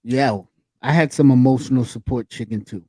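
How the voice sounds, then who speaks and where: A man's voice: mid-range voice, moderate pace, a little mellow, slightly rough, no room sound. A man co-hosting a podcast in casual chat, laughing and joking along with his co-hosts. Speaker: podcast co-host.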